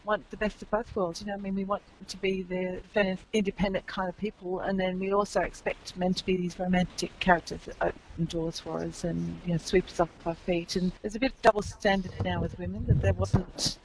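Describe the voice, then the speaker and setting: A woman's voice: on the low side, little pitch movement, fairly quick, few pauses, slight background noise, low-quality recording. A woman in casual podcast chat, thoughtful and rambling with many fillers.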